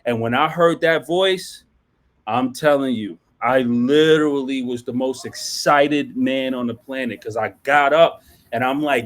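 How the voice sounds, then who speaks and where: A man's voice: mid-range voice, measured pace. A man earnestly telling his personal story of addiction and recovery, with emotional, conversational storytelling. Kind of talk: personal testimony.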